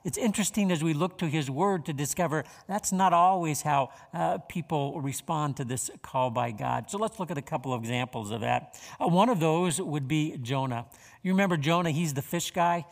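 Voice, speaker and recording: A man preaching a sermon as pastor, measured and unhurried, with frequent "uh" fillers and repeated words. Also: on the high side, gravelly, in a large hall.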